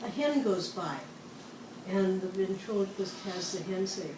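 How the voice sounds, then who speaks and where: A woman tells jokes in a slow, unhurried, dry manner. She sounds set back from the microphone in an echoey room. Background noise runs underneath. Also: mid-range voice, recorded from a distance. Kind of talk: casual joke telling.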